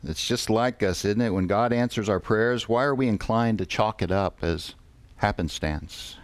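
A man preaching a sermon, reading scripture slowly and deliberately with pauses. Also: lowish voice, no echo.

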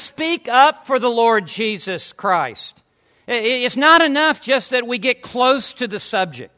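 Guy preaching, high bright voice, pushes hard on his points, repeats himself for stress. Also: lively intonation, unhurried. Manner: emphatic, repeats words for stress, asides with jokes. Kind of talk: sermon.

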